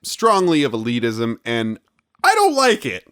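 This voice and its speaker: A man's voice: medium pitch, huge pitch swings, measured pace, a bit bright, no room sound, studio quality. A man co-hosting a comedy podcast, joking and acting out silly bits in casual chat. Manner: jokey, acts out silly bits. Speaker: podcast co-host.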